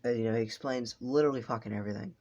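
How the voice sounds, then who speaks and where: A man's voice: mid-range voice, racing, darkish tone, muffled recording. A man telling a story in a casual, improvised way. He rambles, swears and breaks off for asides.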